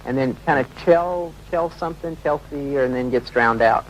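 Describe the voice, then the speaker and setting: A man's voice: medium pitch, moderate pace, a little hiss or hum, low-quality recording. A man working as a radio DJ, explaining on air and talking listeners through audio clips.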